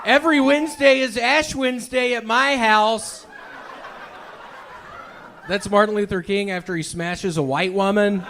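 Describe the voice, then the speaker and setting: A man doing deadpan, absurd stand-up on a comedy club stage, then bantering on a handheld mic. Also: sits high, measured pace, pauses often, background noise. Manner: deadpan, absurd one-liners.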